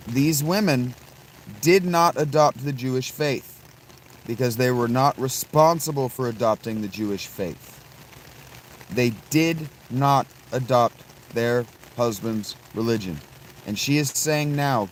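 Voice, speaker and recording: A man's voice: medium pitch, slow, a little hiss or hum, rough recording. A man storyteller casually retelling a scripture passage with emphasis and rhetorical questions.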